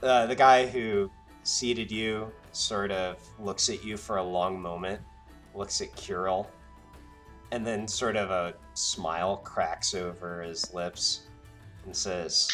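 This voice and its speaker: Guy gm telling the table what happens, slow and lowish, lots of ums, faint music behind. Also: fairly even intonation, a bit bright. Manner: halting narration with many ums and uhs. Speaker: game master. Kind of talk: narrating a tabletop game.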